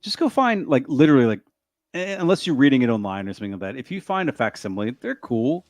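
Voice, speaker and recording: A man's voice: mid-range voice, sing-song, quick pace, no echo. A man guest-starring on a casual live stream, joking and telling goofy stories. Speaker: guest co-host.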